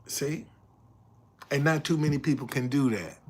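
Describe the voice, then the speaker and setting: A husky-voiced older man talks at an ordinary pace during a casual live stream. He tells of a confrontation loudly and animatedly, packed with profanity and repeated lines, then lowers his voice to chat with viewers.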